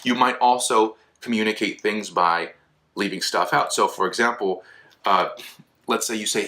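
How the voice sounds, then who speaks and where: A man in his thirties from California, a philosophy teacher giving a casual lecture, animated and acting out quoted voices with many restarts. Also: fairly low pitch, moderate pace.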